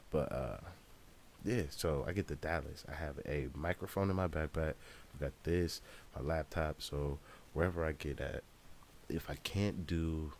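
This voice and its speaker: A man's voice: rumbling low, a little hiss or hum. A man telling a travel story in a casual vlog, loose, profane and ranting. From United States. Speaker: rapper vlogger.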